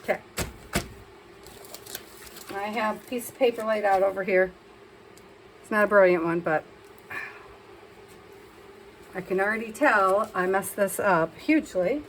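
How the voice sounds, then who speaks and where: A woman's voice: medium pitch, normal speed, long pauses, slight background noise, poor audio. A woman talking casually through a crafting session as a vlogger, chatting and scolding herself as she works.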